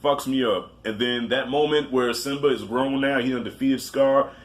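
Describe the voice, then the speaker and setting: A man's voice: mid-range voice, steady tone, moderate pace. A man giving a casual movie countdown, talking loosely with profanity, self-mocking asides and frequent restarts. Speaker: movie reviewer.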